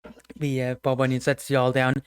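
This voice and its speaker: Game master narrating a tabletop game, smooth, mid-pitched, rambling, fillers, laughs often. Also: completely flat delivery, normal speed, no room sound, clean studio sound.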